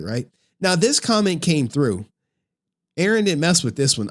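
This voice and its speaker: A man streaming live, giving commentary in an animated, exasperated rant with frequent swearing. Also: a little high, normal speed.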